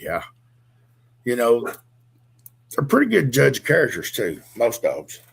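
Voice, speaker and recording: A man's voice: mid-range voice, wildly swooping pitch, measured pace, vocal fry, slightly rough. A middle-aged man co-hosting a casual chat, rambling through laid-back stories with a dry mouth.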